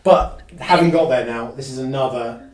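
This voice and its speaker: A man running a live tabletop game as game master, narrating in halting bursts with lots of fillers and restarts. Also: mid-range voice, roomy sound, far from the mic.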